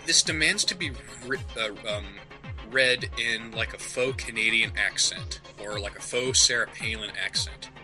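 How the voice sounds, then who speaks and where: A man's voice: medium pitch, moderate pace. A man co-hosting a casual comedy podcast, riffing on absurd ideas in rambling stop-start sentences, his throat still congested from being sick. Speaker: podcast co-host. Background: faint music bed.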